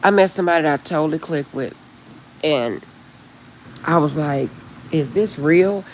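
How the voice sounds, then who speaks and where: Middle-aged woman streaming from her phone, chatty and rambling with frequent laughs, gravelly undertone, faint background hiss. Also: sits low, normal speed, rough recording. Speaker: livestream host. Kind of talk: casual chat with live viewers.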